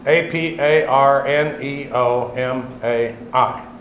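A man's voice: medium pitch, steady tone, slow, fairly bright tone, reverberant, muffled recording, a little hiss or hum. A man teaching a Bible lesson on Greek word meanings, spelling words out letter by letter with frequent fillers.

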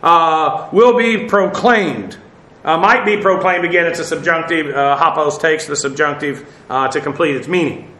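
A man with a high, bright voice leads a verse-by-verse Bible study, unpacking Greek words and spelling them out letter by letter. He talks in a relaxed way, full of fillers, and chuckles at his own jokes. The room has a noticeable echo. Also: moderate pace. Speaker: Bible teacher.

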